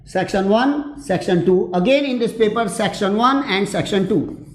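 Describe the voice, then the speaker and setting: A man's voice: high-pitched, moderate pace, echoey room. A man with an Indian English accent teaching an online exam prep lesson, asking rhetorical questions, repeating points and mixing in Hindi. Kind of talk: online lecture.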